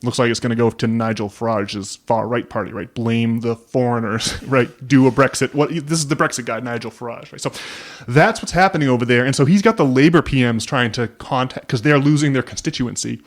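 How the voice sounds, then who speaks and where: A man's voice: mid-range voice, brisk. Rambling man chatting on a podcast. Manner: rambling, many restarts and "right?" tags. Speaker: podcast host. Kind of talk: casual podcast chat.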